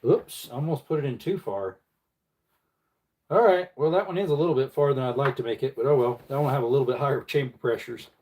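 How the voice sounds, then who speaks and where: A man's voice: mid-range voice, fast, a little mellow, slight background noise. Mumbling man chatting on a livestream. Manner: mumbling, joking asides to chat. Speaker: livestream host. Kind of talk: casual livestream chat while reloading ammunition.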